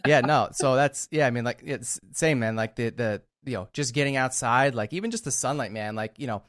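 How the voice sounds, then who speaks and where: A man's voice: medium pitch, brisk, fairly bright tone. A man in a casual conversation, laid-back and loose, leaning on filler words and calling his guest "man". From northeastern United States.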